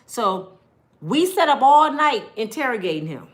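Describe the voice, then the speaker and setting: A woman telling a personal story in a lively, colloquial way, acting out voices and laughing, addressing her listeners directly. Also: medium pitch, moderate pace.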